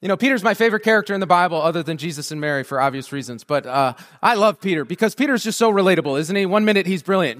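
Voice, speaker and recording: A man's voice: sits high, lively intonation, very fast, hardly any pauses, fairly bright tone. A man preaching a sermon, conversational and joking at first, then building into fervent, rousing prayer.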